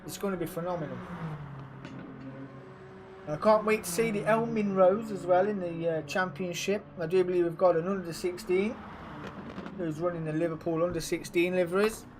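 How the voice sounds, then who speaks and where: A man hosts a racing league live, calling the action in a casual, excitable way. His voice sits a little on the high side, and he chats with his viewers and drops slang as he goes. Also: moderate pace, long pauses, background noise. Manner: excitable, chatty, slangy, talks to chat. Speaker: league host and race commentator. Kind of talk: casual live-stream race commentary.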